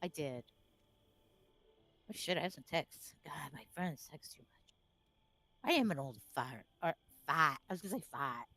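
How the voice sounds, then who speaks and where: A woman's voice: low voice, expressive, unhurried, long pauses, pushed and bright. A woman with a Maine accent chatting bluntly while gaming, swearing and laughing easily. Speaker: co-player. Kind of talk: casual chat while gaming.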